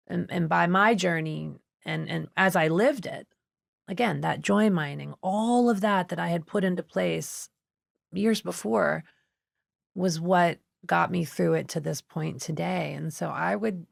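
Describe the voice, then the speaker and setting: A woman's voice: on the low side, creaky, no room sound, clean studio sound. A woman guest on a podcast, telling a personal story with feeling and acting out the voices of people in it. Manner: expressive, acts out other people's voices in her story. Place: podcast studio.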